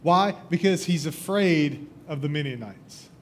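A man delivers a sermon and retells a scripture story with animated flair. He jumps into the characters' lines as he goes. His voice sits a little high for a man, and a faint low rumble runs underneath. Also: measured pace. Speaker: preacher.

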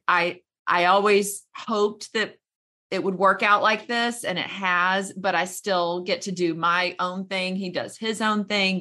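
A middle-aged woman with a bright, forceful voice sitting low in pitch, chatting as a guest on a podcast. She talks with enthusiasm and open feeling and laughs easily. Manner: emotional, enthusiastic, quick to laugh. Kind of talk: casual interview chat.

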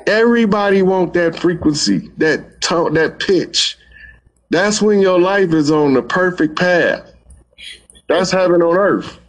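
A man with a high voice gives a loose, folksy talk on love and energy. He speaks right to his listeners, easy and conversational. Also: measured pace, rough recording. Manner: folksy, talks straight to the listeners. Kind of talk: casual spiritual talk.

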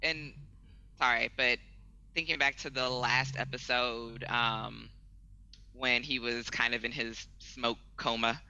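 A man in a casual podcast chat talks hesitantly, with lots of fillers and casual swearing. His voice is gravelly and very sharp and bright. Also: medium pitch, fairly even intonation, slow pace, muffled recording. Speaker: podcast co-host.

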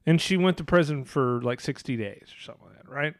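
A man's voice: on the high side, fast talker, dry recording, clean studio sound. A man co-hosting a casual talk show, rambling and sarcastic, swearing often and mimicking other people's voices. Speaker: podcast co-host. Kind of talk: casual profane chat.

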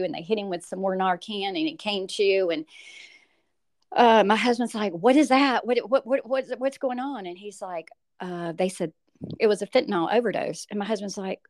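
Middle-aged woman telling a painful story. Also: fairly low pitch. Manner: animated, acts out quoted voices, halting with fillers. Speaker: bereaved mother, guest. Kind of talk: emotional personal story.

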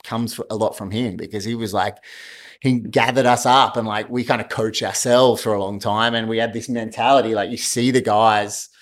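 A man's voice: lowish voice, fairly even intonation, normal speed. A man telling a fight story in a casual chat, swearing and laughing often. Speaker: guest, martial arts fighter.

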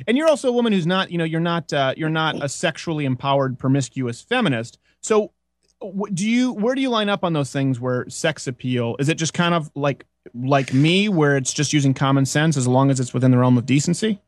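Joking guy hosting a podcast, pitch jumping all over, dry close sound. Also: brisk, no room sound. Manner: joking, teasing, animated. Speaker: host. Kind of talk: casual comedic podcast banter.

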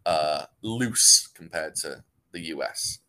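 A man's voice: rumbling low, lively intonation, slow, pushed and bright. A British man chatting casually as a podcast co-host, rambling with restarts and easy laughs. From Britain. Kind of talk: casual chat.

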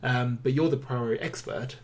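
A man's voice: medium pitch, moderate pace, a little hiss or hum. A man co-hosting a film review podcast, chatting casually with a wry, teasing manner.

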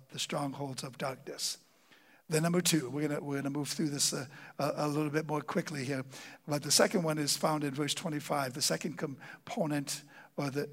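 A middle-aged pastor giving a conversational sermon, stumbling over fillers and repeated words, then slowing down to stress scripture. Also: male voice, on the high side.

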